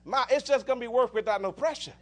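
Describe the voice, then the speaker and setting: A man's voice: very high-pitched, fast talker, fairly bright tone. A man preaching a sermon, telling stories with many restarts and rising into fervent exclamations.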